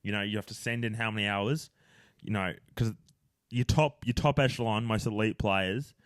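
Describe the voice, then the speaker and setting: A young man talks in a lowish voice with deadpan, mock-serious delivery. The sound is dry and close, with no room around it. He rattles through plans like a coach giving orders. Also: moderate pace, no echo. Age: young adult. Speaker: podcast co-host. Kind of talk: casual banter podcast.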